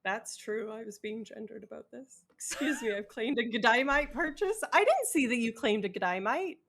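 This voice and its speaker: A woman's voice: a little high, expressive, moderate pace, a bit bright. A young woman co-hosting a livestream in casual chat, playful and joking, often trailing off while she hunts for a word. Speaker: co-host.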